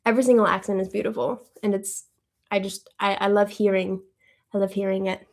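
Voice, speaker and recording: A woman hosting a live stream, chatting casually and thinking out loud as she answers viewer questions. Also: medium pitch, steady tone, fairly quick, gravelly. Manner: chatty and upbeat, thinking aloud.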